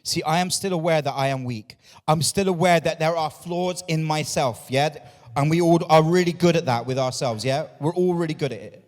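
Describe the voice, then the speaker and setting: High-voiced preaching pastor. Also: male voice, moderate pace, hardly any pauses, big-room sound. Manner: repetitive, call-and-response with the congregation. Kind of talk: sermon. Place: church.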